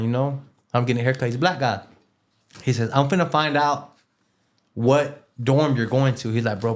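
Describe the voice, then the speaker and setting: Male interview guest, mid-range voice, casual slangy storyteller who rambles and repeats himself. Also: medium pitch. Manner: loose street slang with Spanish words mixed in; rambling, with many fillers and repeated words.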